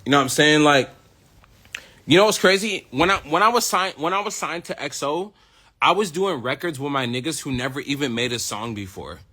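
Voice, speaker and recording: A man's voice: a little high, a little fast, bright, forceful tone. A young man from the United States, a rapper, in a boastful, profane, confrontational ranting monologue.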